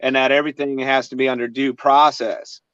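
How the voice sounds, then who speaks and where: A man's voice: mid-range voice, level tone, fairly quick, fairly bright tone, smooth, no echo. A man hosting a casual chat, talking hesitantly with many fillers and restarts. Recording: dry, dull lo-fi sound.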